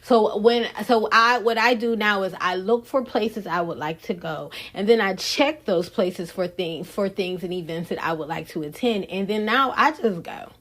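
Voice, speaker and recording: A woman's voice: mid-range voice, moderate pace, few pauses, fairly bright tone. A woman hosting a podcast, chatting casually and frankly to her listeners. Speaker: podcast host. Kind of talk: casual solo podcast chat.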